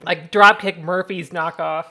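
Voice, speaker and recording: Female co-host, joking, chatty, lower pitch. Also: fairly even intonation, measured pace, pushed and bright. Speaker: podcast co-host. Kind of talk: casual chat.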